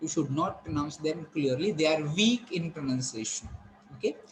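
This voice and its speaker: A man's voice: fairly high pitch, lively intonation, normal speed, slight background noise, poor audio. A male teacher, lecturing on English pronunciation, explaining step by step and repeating key points.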